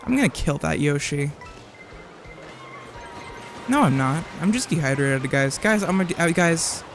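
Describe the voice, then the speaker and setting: A man's voice: a little high, expressive, unhurried, faint music behind. A man live-streaming a game in casual chat, reading viewers' messages aloud and arguing back with plenty of swearing and rambling restarts.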